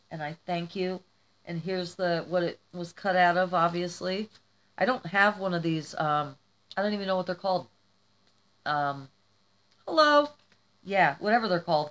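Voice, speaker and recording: Woman vlogger, unhurried, gushing, teary, happy crying. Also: mid-range voice. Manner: emotional, gushing, tearful. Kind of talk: casual vlog, opening gifts.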